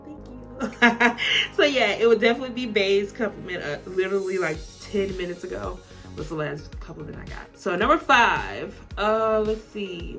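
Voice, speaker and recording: A woman's voice: medium pitch, normal speed, vocal fry, fairly bright tone, soft background music. A young woman with a Southern American accent, rambling casually through a get-to-know-me video, with lots of "like" and frequent laughs. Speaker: vlogger.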